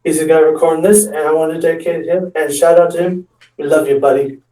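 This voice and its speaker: Here an amateur stand-up storyteller with a fairly high, mellow voice talks quickly and in a steady tone. He rambles through a funny tale about his friends, restarting and imitating what they said, and the recording sounds echoey with a distant mic.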